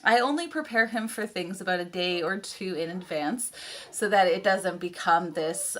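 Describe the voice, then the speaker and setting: A woman's voice: lowish voice, a little slow, fairly bright tone. A woman in her thirties, a homeschooling mom, chatting casually to camera in a rambling way with ums and laughing asides.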